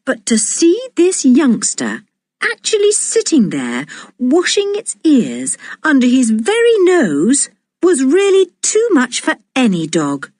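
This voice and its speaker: A woman reading a children's adventure audiobook aloud in a slow, deliberate and expressive way. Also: high voice, no room sound, studio quality. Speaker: audiobook reader. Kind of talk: storybook narration.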